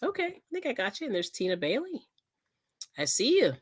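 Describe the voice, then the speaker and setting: A woman's voice: fairly high pitch, wildly swooping pitch, brisk, slightly rough. A middle-aged woman hosting a casual livestream, chatty and rambling, laughing often and reading out viewers' comments. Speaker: livestream host.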